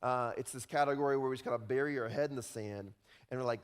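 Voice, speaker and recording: A man preaching a sermon as pastor, speaking in a conversational, animated way and often checking in with the congregation. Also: mid-range voice, fast talker, clear, resonant tone. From Utah. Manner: conversational, animated, often tags lines with "right?".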